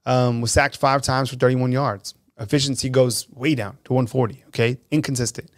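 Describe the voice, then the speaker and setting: A man hosting a live call-in sports talk show, talking in an animated, conversational way and reading fan comments aloud. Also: mid-range voice, moderate pace.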